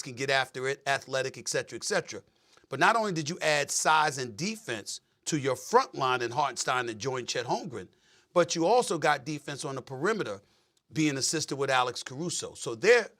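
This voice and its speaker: A man giving televised sports analysis, making measured, emphatic points. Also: on the high side, pushed and bright. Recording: broadcast clip with faint music.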